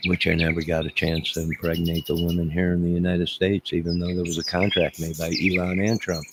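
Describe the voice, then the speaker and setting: A man's voice: low voice, flat delivery, moderate pace, background noise. A middle-aged man hosting a live stream, rambling and joking as he answers his chat. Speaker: livestream host. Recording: loud birdsong behind voice. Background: loud birds chirping.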